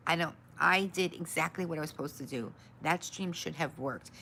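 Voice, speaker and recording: A woman hosting her own livestream, grumbling about her tech troubles and brightly greeting her viewers. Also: low-pitched, moderate pace, slight background noise. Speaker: livestream host. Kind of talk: casual livestream chat.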